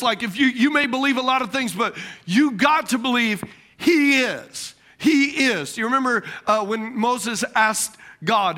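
A man preaching a sermon, asking the congregation questions, repeating key words and swinging between loud bursts and quiet lines. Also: very high voice, expressive, a little slow. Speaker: pastor.

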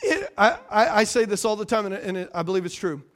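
A man's voice: high-pitched, sing-song, fast talker, a bit bright. A man preaching a sermon with call-and-response, playful asides and repeated phrases for emphasis. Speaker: pastor.

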